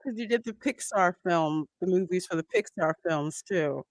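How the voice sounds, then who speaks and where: Woman, watch-party host, casual film commentary, lowish voice, dry close sound. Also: normal speed, dry recording. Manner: chatty, reads viewer comments aloud.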